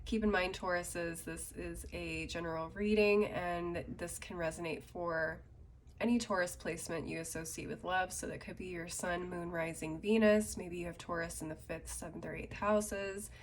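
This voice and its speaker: A woman's voice: on the low side, fairly even intonation, normal speed, slight background noise. A woman with a cold, sounding congested, giving a casual tarot reading and musing aloud over the cards. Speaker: tarot reader.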